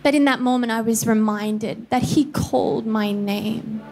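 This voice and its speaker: This Philippine-born woman in her thirties pastors from a church studio, storytelling and acting out voices with playful animation. Her voice sits on the high side, a bit slow, over a faint hum or hiss.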